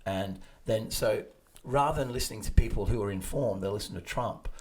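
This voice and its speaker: A hoarse man co-hosting a podcast, chatting bluntly with swearing and trailing fillers. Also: lowish voice, a little fast, darkish tone, faint music behind. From Australia. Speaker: podcast co-host. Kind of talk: casual chat.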